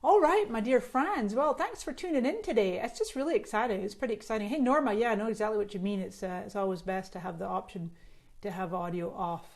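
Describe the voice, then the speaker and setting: A middle-aged woman with a Scottish-Canadian accent hosts a casual live stream, speaking at a middling pitch. She is bubbly and chatty, reading out viewer comments as they come in. The sound comes from a phone held out on a selfie stick. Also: fast, a little mellow. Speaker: social media marketing host.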